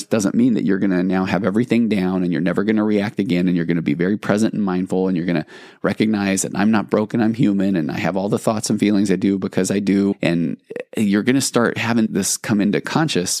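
A man's voice: lowish voice, darkish tone, no room sound, studio quality. A man hosting a solo podcast in a casual, reflective way, explaining ideas and acting out inner thoughts. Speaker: podcast host.

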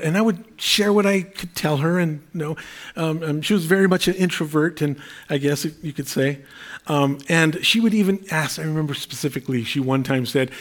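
A man's voice: a little high, brisk. A middle-aged male pastor preaching a sermon in an earnest, conversational way, with fillers and repeated phrases.

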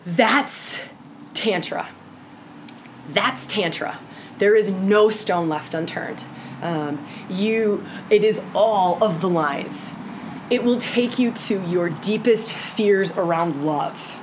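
A woman's voice: mid-range voice, slow pace. Woman, tantra teacher, impassioned, keeps asking right, faint hiss behind. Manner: impassioned, asks "right?" often; acts out quoted voices. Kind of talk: teaching talk to a group.

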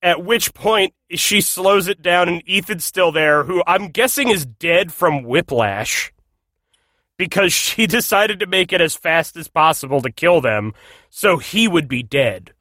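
A man's voice: high-pitched, animated, measured pace, pushed and bright, dry recording, studio quality. A man recapping a movie on a podcast in a profane, exasperated rant. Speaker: podcast guest.

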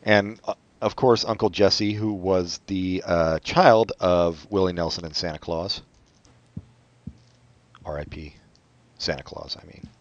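Podcast co-host: low-voiced man, deadpan and wry, close dry mic with a muffled tone. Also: a little slow, long pauses, no echo. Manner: deadpan, sardonic asides. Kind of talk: casual chat.

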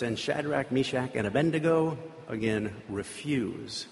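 A man's voice: mid-range voice, moderate pace, few pauses. Man preaching in an echoing hall. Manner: conversational, rambling with fillers and asides. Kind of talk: informal sermon storytelling. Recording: reverberant hall.

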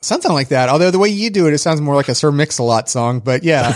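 A man co-hosting a casual tech podcast, joking around and reading a sponsor spot with animated energy. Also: fairly high pitch, fast talker, no echo, studio quality. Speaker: podcast co-host.

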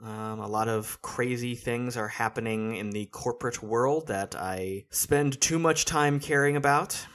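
Tired, self-mocking podcast host. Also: male voice, mid-range voice, unhurried, fairly bright tone. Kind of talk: casual chat.

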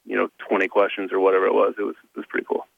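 A man with a lowish voice calls in to a casual chat show. He talks in a halting way, full of fillers and restarts. The line is muffled and lo-fi, and the sound is dry and close. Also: completely flat delivery, creaky, dry recording. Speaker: caller.

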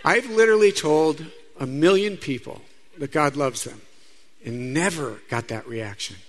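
Gravelly priest giving a lively sermon. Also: male voice, a little high, measured pace, slight background noise. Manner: conversational preaching with stories and asides to the audience. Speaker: Catholic priest.

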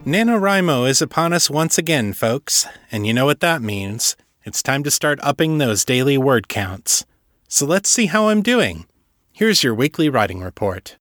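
A man narrating his own story as author and podcast host, with steady, plain storytelling. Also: medium pitch, moderate pace. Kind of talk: audiobook narration.

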